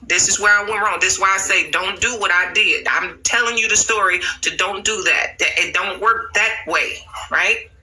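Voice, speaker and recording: Bright-voiced woman telling stories on a livestream. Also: mid-range voice, normal speed, hardly any pauses, slight background noise, rough recording. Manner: chatty, loose and slangy, swears freely. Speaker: livestream host. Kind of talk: casual livestream storytelling.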